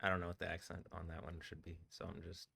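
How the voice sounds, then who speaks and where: A man's voice: low voice, monotone, fast, creaky, sharp tone, breathy edge. A man rambling and swearing on a live stream, often breaking into laughter. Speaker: livestreaming DJ.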